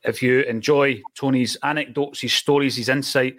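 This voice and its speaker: A man's voice: medium pitch, fairly even intonation, normal speed, fairly bright tone. Upbeat male podcast host. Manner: enthusiastic interjections, plugging links. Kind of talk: casual chat.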